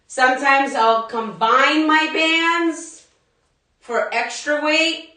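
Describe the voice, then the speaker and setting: A woman's voice: fairly high pitch, pushed and bright. A woman fitness instructor chatting to viewers during a live workout class, laughing often and talking straight to them. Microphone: phone at a distance. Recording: echoey room, phone mic far off.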